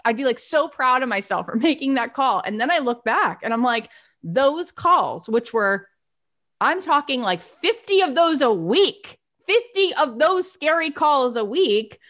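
A middle-aged woman gives a motivational talk in a fairly high voice. She tells stories with animated energy and acts out old phone calls as she goes. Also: normal speed. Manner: animated storytelling, acting out past phone calls. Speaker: songwriter and business teacher.

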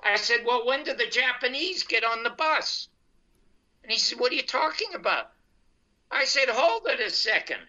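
A man's voice: very high voice, normal speed. An older man, a guest comedian, telling an anecdote over a video call and quoting the people in it. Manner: animated storyteller quoting others in dialogue. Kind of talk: storytelling anecdote. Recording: muffled internet call line.

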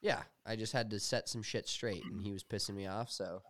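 A young man co-hosting a podcast, telling animated, profane stories in casual chat. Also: on the low side, fairly quick, no echo. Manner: animated storytelling, swears freely. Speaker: podcast co-host.

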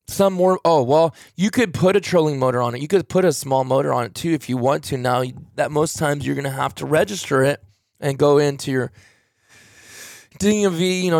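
Male podcast host, mid pitch, gravelly texture, dry sound; tired, rambling, casual delivery. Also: no room sound. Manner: rambling, conversational, many fillers. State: tired, yawning. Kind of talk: casual solo podcast talk answering a listener.

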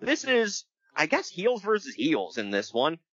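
Male podcast host, animated storyteller with a bright, dry close sound. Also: fairly high pitch, a little slow, breathy edge, no echo, dull audio. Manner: animated storyteller, laughs often, breaks into voices. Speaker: podcast host recapping wrestling. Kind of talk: casual chat.

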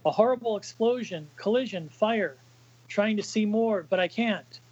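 A man's voice: high-pitched, normal speed, darkish tone, breathy edge, muffled recording, pitched above the performer's own voice. A man voicing a young heroine who has visions, reading her lines from a comic in an urgent rush.

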